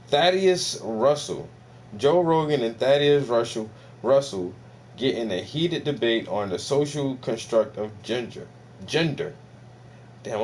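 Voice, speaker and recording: Animated, profane American man ranting. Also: medium pitch. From United States. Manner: profane, animated, laughs often, mocking asides. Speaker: video commentator reacting to a podcast clip. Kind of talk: casual profane reaction rant.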